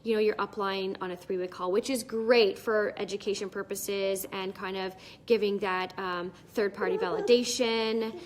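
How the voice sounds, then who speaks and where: A woman's voice: medium pitch, steady tone, normal speed, hardly any pauses. A woman giving casual direct-sales advice in a live video, chatty and plain-spoken with many fillers.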